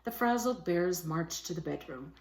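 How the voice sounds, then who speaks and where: Lady teacher reading a kids' story out loud, kinda low voice, roomy echo. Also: moderate pace, background noise. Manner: lively, puts on voices for characters. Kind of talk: storybook read-aloud.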